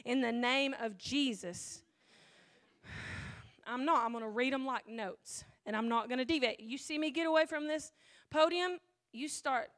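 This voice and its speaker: A woman pastor preaching a sermon, emotional and weepy at times, building up to near-shouting passion. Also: high voice, moderate pace.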